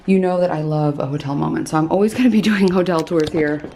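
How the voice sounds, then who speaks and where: A woman chatting casually in a lifestyle vlog from her hotel room, her voice going hoarse, with lots of fillers. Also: low-pitched, fast talker, dark tone, slight background noise. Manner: chatty, filler-heavy, upbeat. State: losing her voice. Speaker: lifestyle vlogger.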